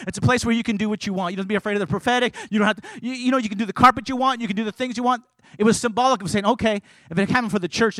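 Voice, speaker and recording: A man preaching a sermon as pastor, emphatic and building to loud, forceful passages. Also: high-pitched, no echo.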